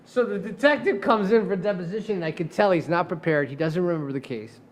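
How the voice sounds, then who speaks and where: A man's voice: sits high, fast talker, a little hiss or hum. A middle-aged man, a defense attorney, telling a courtroom story in casual chat, laughing often and swearing freely. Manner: profane, laughing, animated storyteller.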